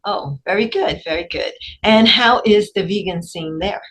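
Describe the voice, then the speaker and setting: A woman's voice: medium pitch, moderate pace, fairly bright tone, low-quality recording. Woman hosting an interview podcast. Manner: reads intro formally, then chats. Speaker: podcast host.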